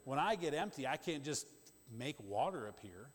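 A man preaching a sermon in a conversational, emphatic way, with quick asides to the congregation. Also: mid-range voice, sing-song. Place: church sanctuary. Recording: long church-hall reverb.

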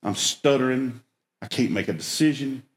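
A man's voice: medium pitch, normal speed. A man preaching through a folksy, self-mocking story, with emphatic bursts. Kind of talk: storytelling sermon. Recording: echoey room.

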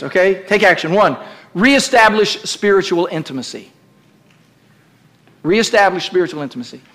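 The speaker is a middle-aged pastor giving an emphatic, direct sermon in a church, using call-and-response prompts so the congregation repeats lines aloud. He has a high-pitched, slightly bright voice.

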